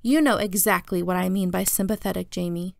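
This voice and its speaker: A woman's voice: lowish voice, a little fast, vocal fry, dry recording, clean studio sound. A woman voicing a mother who scolds her sons earnestly, in a storybook reading. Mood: stern. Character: stern but loving mother of two boys.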